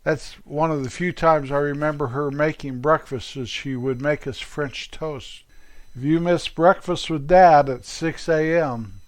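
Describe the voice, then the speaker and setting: An older American man telling light, joking stories on his own show, now and then squeaking out mock French exclamations. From United States. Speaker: podcast host. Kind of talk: humorous storytelling monologue.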